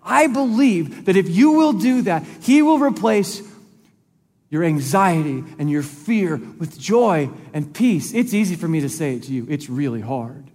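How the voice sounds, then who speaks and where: A man's voice: a little high, a little mellow. A male pastor preaching a sermon in an earnest, conversational way, repeating phrases for emphasis. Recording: long reverb of a large hall.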